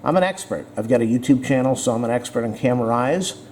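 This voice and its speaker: A man in the middle of the usual pitch range delivers a rambling, opinionated camera rant straight to the viewer. He is blunt and sarcastic, often stopping to restart a thought. A faint hum of room noise sits under his voice. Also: lively intonation, quick pace, a little mellow. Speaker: vlogger reviewing a camera.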